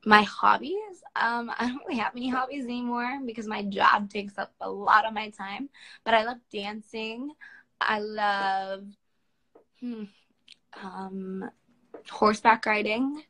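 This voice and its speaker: At home on a phone livestream, a model from Washington, D.C., United States, in her twenties, casually responds to what viewers write. Her mid-range voice is unhurried, bright, and forceful, though the audio is poor.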